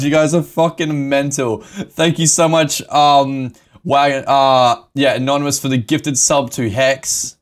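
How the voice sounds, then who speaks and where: A man live-streaming a game, excitable and emotional, swearing and laughing often as he talks to his chat. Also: medium pitch, unhurried.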